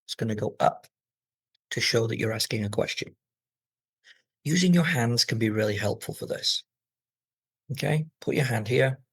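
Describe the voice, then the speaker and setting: A man teaching an English speaking exam lesson, explaining tips clearly and modelling intonation aloud. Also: medium pitch, normal speed, long pauses, no echo, low-quality recording.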